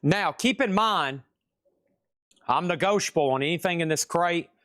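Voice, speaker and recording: A man's voice: a little high, animated, moderate pace, fairly bright tone, no room sound, studio quality. A man with a Southern US accent hosting a live record sale, in chatty, rambling patter that often corrects itself. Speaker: live-stream record seller. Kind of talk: casual live sales patter.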